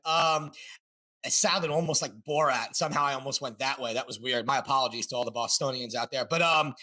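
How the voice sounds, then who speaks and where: A man co-hosting a sports podcast, chatty and quick with his fight analysis. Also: mid-range voice, bright, forceful tone. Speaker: podcast co-host. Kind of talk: casual sports podcast chat.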